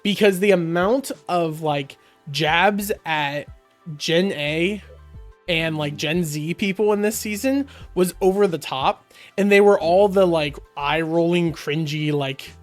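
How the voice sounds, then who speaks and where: A man's voice: a little high, slow pace, soft background music. A man co-hosting a podcast, chatting casually and rambling with many fillers and restarts. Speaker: podcast co-host. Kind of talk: casual chat.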